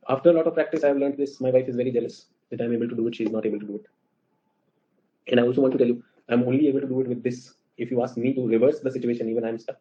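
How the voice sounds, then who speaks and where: In a muffled, lo-fi recording, a man teaches a class with an Indian English accent. His mid-pitched voice moves at a brisk clip, and he stays animated, often questioning students to confirm they understand.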